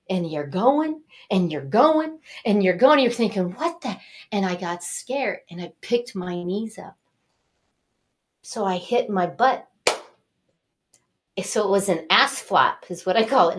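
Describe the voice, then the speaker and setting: An older woman, a talk show guest, telling a personal story in a lively, animated way and acting out what people said. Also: mid-range voice. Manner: animated, acts out quotes and cries. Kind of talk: casual storytelling.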